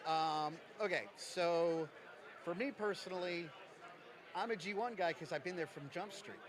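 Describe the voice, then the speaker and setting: A man from Jersey City, a game designer, joking quickly through a casual convention interview. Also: high voice, crowd noise. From Jersey City, USA. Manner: jokey, quick, self-mocking. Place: convention lounge.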